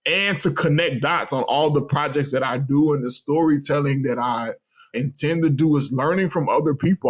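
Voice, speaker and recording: A man from Austin with a Texan accent, an interview guest telling lively travel stories and laughing often. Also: medium pitch. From Austin, Texas. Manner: animated, laughs often, acts out voices in anecdotes. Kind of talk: casual storytelling.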